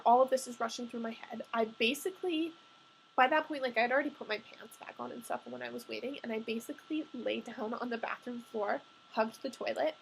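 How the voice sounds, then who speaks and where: A woman's voice: on the high side, gravelly, slight background noise, rough recording. A young adult woman telling a personal story in a candid, confessional way, chatty and full of "like" fillers.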